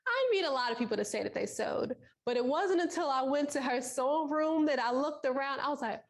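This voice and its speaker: Woman host, high voice, fond and chatty introduction. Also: lively intonation, fairly quick. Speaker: event host. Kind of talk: introducing a guest instructor.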